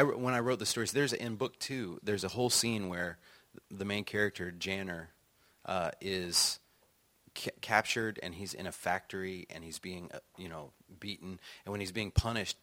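A middle-aged man, an author and songwriter, telling stories in conversation and acting out quotes with laughter. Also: low-pitched. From United States. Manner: animated, acts out quotes, laughs often. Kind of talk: conversational storytelling.

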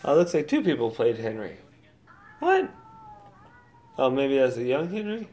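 A man's voice: medium pitch, very animated, fast, dark tone. Rambling man hosting a solo podcast. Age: adult, old enough to be married. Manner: rambling, swears freely, thinks aloud. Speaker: podcast host. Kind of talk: casual solo podcast chat.

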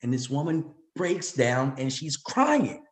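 A man's voice: mid-range voice, very animated, slow. A man from Louisiana, a comedian guest, telling a story animatedly and acting out the dialogue. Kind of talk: storytelling in an interview.

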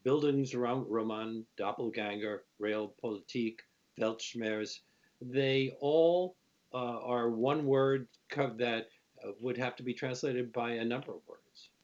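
A man hosting, asking measured, thoughtful questions. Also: mid-range voice, fairly even intonation, darkish tone, highs cut off. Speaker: host. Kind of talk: interview talk.

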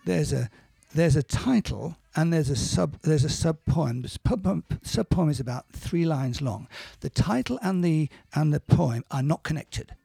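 A man talking in a casual interview, telling stories in a halting, self-correcting way and acting out the quotes. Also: a little high, lively intonation, gravelly, dark tone, breathy edge, no echo. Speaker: interview guest, musician and producer. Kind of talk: casual storytelling in conversation.

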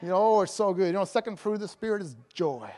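A man evangelist preaching a sermon, joking and laughing between lines and breaking into loud proclamations of scripture. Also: high-pitched, lively intonation, quick pace, faint music behind. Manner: jokey, laughing often, bursts of loud proclaiming.

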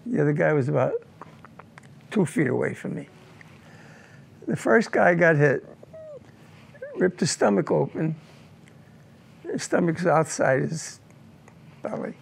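Gravelly-voiced older man recalling war. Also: on the high side, animated. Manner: halting, repeats words while telling a painful memory. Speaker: war veteran recounting combat. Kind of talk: oral history interview.

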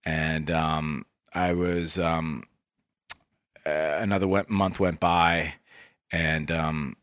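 A man with a very deep voice, speaking as an interview guest. He tells his story in a thoughtful, reflective, soft-spoken way. The recording is dry and close. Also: little pitch movement, slow pace, no echo. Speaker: interview guest, investment fund co-founder.

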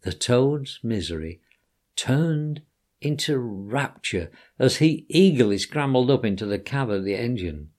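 A man reading a children's story aloud in an expressive, animated storytelling voice. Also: medium pitch, a little slow.

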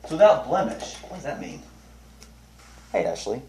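A man teaching a small Bible study group, chatty and animated, asking questions and telling funny stories. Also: mid-range voice, normal speed. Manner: tells funny anecdotes with restarts. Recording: roomy, distant mic, faint noise.

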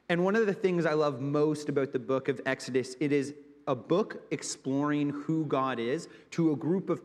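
Man, mid-range pitch, guest preacher, casual humorous sermon, repeats words, long echoing church hall. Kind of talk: conversational sermon.

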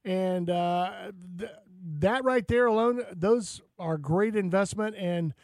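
High-voiced enthusiastic male radio host. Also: slow pace, a little mellow, no echo. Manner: enthusiastic, rambling, many restarts. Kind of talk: casual radio chat.

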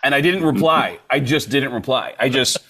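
A man's voice: medium pitch, normal speed. A man, a comedian guest, telling a story in casual chat and acting out quotes in other voices. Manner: animated, acts out quotes in shifting voices.

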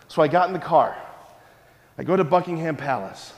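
A priest with a fairly high voice gives a lively, playful talk to a live audience. He keeps throwing questions at the room, and a long hall reverb trails after his words. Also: normal speed, pauses often. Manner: animated and playful, full of rhetorical questions.

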